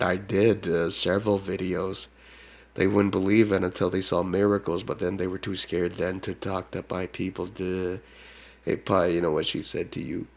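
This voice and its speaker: A man's voice: low-pitched, level tone, a little slow. A man in a rambling, repetitive monologue, taunting and tacking "duh" onto his lines. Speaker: self-proclaimed shaman.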